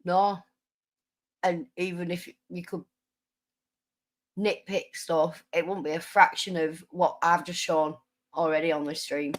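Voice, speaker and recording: A woman's voice: fairly low pitch, steady tone, unhurried, pauses often. A woman hosting a livestream, combative and sarcastic, calling out critics and thanking viewers for chats. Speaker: livestream host. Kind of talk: livestream commentary.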